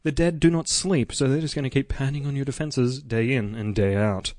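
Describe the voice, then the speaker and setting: A man co-hosting a podcast in casual chat, playful and quick with banter. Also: medium pitch, steady tone, darkish tone, no room sound, clean studio sound. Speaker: podcast co-host.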